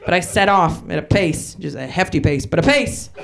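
A woman's voice: fairly low pitch, lively intonation, moderate pace, creaky. A queer woman doing a rambling, profane stand-up set, laughing at her own jokes. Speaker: stand-up comedian. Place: comedy club stage with live audience. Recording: loud crowd in club. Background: audience laughing.

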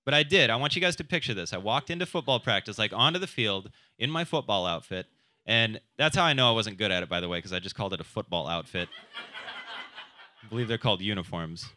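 A man's voice: on the low side, expressive, fast, sharp tone. A man doing a stand-up comedy set, crude and self-deprecating, who keeps jumping into quoted voices. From South Dakota.

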